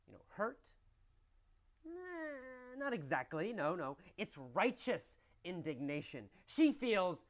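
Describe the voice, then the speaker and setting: Male English teacher, lively storytelling delivery, answers his own questions, slightly muffled lo-fi recording. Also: high-pitched. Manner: animated, exaggerated storytelling with repeated questions and answers.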